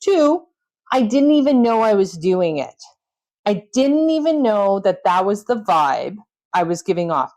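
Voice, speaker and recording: A woman's voice: mid-range voice, sing-song, measured pace, a little mellow. Earnest woman podcast host. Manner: earnest, storytelling with self-coaching tone. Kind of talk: reflective solo podcast talk.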